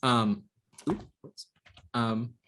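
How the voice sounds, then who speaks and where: A man's voice: mid-range voice, fairly even intonation, extremely slow, fairly bright tone. Man teaching a hesitant online class. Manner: hesitant, lots of ums and restarts. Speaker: instructor.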